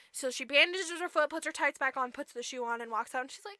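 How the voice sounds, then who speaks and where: Bright high-voiced woman telling a profane story. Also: dry recording, clean studio sound. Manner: profane, acts out characters in quick voices. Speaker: podcast co-host. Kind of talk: casual comedic storytelling.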